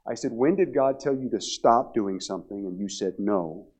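A man's voice: on the low side, normal speed, darkish tone. A middle-aged male pastor preaching a revival sermon, telling a story with many repeated restarts. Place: church revival service. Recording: dull lo-fi sound.

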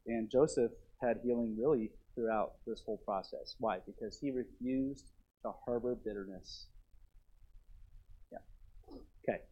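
A man preaching a sermon, swinging from emphatic, raised passages to quiet, earnest questions to the congregation. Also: medium pitch, husky. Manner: rises to emphatic then drops to quiet earnest. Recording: dull lo-fi recording.

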